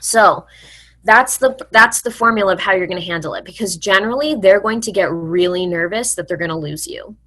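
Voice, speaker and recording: A woman's voice: medium pitch, a little fast, a bit bright. A woman hosting a personal finance video, talking frankly and casually to her viewers as friends, with lots of "like" and some blunt swearing. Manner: frequent "like" fillers, blunt mild profanity. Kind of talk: casual advice talk to camera.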